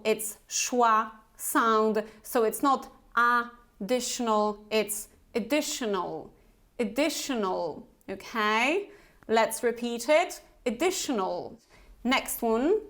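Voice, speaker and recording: A woman with a Polish accent, a native Polish speaker, teaches English pronunciation in a slow, deliberate way. She says each word slowly and repeats it for learners to copy. Her voice sits a little high. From Poland. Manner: models words slowly and repeats them for drilling. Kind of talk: pronunciation lesson.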